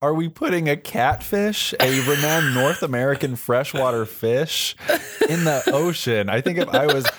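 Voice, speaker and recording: A man hosting a casual comedy podcast, telling stories with lots of laughter and quick jokes. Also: fairly high pitch, noisy background. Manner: animated, laughing storyteller. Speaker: podcast host presenting gadgets.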